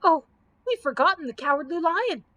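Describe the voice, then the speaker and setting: A woman voicing a plucky, quick-witted young girl with a bright, lively delivery in a storybook reading. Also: extremely high pitch, voice pushed up, heavily acted. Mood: eager.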